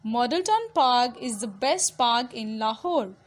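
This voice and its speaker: A woman's voice: fairly high pitch, lively intonation, unhurried. A young woman teaching a children's grammar lesson, explaining step by step and switching at times into Hindi-Urdu.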